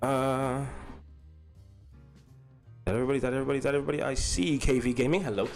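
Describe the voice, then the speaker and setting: A man's voice: medium pitch, steady tone, rapid-fire, a little mellow, soft background music. A man hosting a casual livestream, rambling and swearing freely while greeting chatters by name. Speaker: livestream host.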